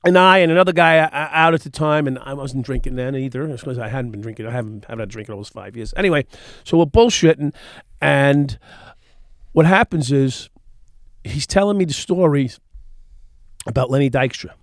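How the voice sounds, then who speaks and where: Profane New storyteller with gravelly voice. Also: male voice, medium pitch, fairly quick, no room sound, studio quality. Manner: profane, animated storyteller acting out quotes. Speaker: podcast host. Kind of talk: casual storytelling chat.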